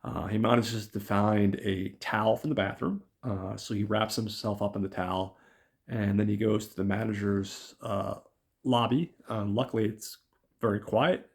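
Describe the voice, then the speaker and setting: A man's voice: fairly low pitch, fairly even intonation, moderate pace. A man hosting a podcast, casually recapping a film's plot in a chatty, profane way and calling his listeners guys. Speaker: podcast host.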